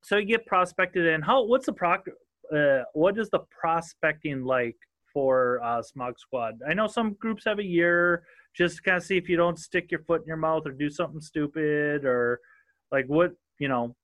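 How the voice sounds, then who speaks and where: A man's voice: a little high, expressive, moderate pace, a bit bright. Chatty Minnesotan man hosting a podcast. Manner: rambling, swears casually, many restarts. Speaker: podcast host. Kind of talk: casual interview chat.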